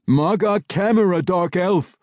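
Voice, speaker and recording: A man voicing a gruff, demanding gnome warrior. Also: a little high, sing-song, moderate pace, dry recording, studio quality, voice pushed up. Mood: shouting. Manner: blunt, demanding, shouting.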